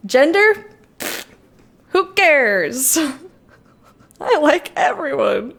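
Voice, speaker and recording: Bubbly high-voiced woman streamer. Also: sing-song, drawn-out words, gravelly, fairly bright tone. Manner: bubbly, giggly, gushing. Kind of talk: casual live-stream chat while playing a game.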